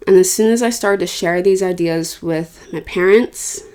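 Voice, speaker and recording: A woman's voice: lowish voice, moderate pace, a little mellow, clear, resonant tone. A young adult woman from Northern California, hosting a podcast, earnest and emotional as she talks about her own life and acts out her prayers. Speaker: podcast host. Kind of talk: personal reflective monologue.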